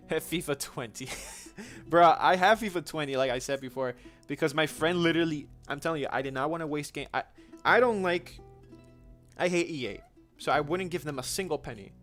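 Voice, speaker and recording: A man's voice: on the high side, normal speed, a bit bright, soft background music. A young man hosting a gaming livestream, casually answering viewer questions in a chatty, slangy way with frequent restarts.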